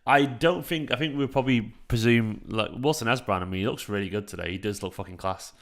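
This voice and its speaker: A man's voice: mid-range voice, quick pace, fairly bright tone. A man hosting a live football watchalong, chatting casually, swearing freely and answering viewers' chat messages by name. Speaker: fan channel host.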